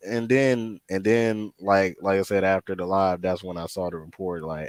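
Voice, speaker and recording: A man co-hosting a podcast in casual chat, an animated, slangy storyteller who repeats himself. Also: deep voice, normal speed, hardly any pauses, no echo. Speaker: podcast co-host.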